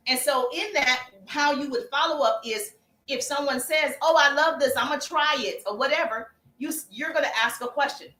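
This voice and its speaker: A woman with a high, bright voice hosts a casual livestream offering sales tips at a normal speed. She chats with viewers, calls them baby and acts out sample messages, and the room echoes noticeably.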